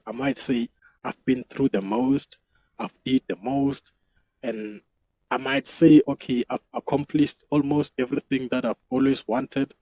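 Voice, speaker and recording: A man's voice: mid-range voice, darkish tone, husky, dry recording, low-quality recording. A South African man hosting his own show, talking loosely and profanely and laughing at himself. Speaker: podcast host. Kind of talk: casual solo commentary.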